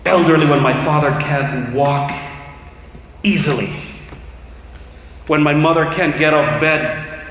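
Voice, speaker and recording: A man's voice: a little high, takes it slowly, pauses often, a little hiss or hum. Impassioned man preaching in an echoey hall. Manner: impassioned, rising to shouts. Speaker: imam. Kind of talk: sermon. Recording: echoey hall, faint ambience.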